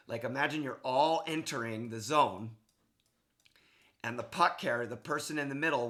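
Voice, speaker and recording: A man's voice: medium pitch, a bit bright. A man coaching hockey, talking a player through game footage in a casual, enthusiastic way, checking in often with "okay". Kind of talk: video game analysis for a player.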